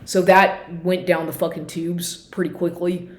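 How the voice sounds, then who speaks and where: Low-voiced woman ranting in an echoey room. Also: flat delivery, unhurried, a little mellow. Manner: profane, rambling, exasperated retelling. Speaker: vlogger. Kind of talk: casual storytelling monologue. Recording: roomy echo.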